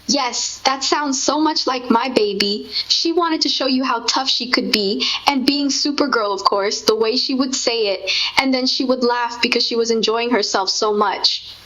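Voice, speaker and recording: A woman's voice: on the high side, normal speed, bright, forceful tone. A woman speaking as a grieving mother in a tender, heartfelt conversation. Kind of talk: intimate spoken conversation. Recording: dull lo-fi recording.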